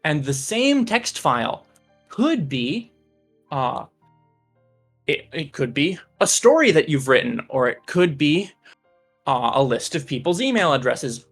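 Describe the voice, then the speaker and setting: Brief: mid-pitched teacher on a voice call, patient and explanatory, fillers like "uh", music faint behind. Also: big pitch swings, unhurried, breathy edge. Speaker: computer science teacher. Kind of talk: casual explanation on a stream.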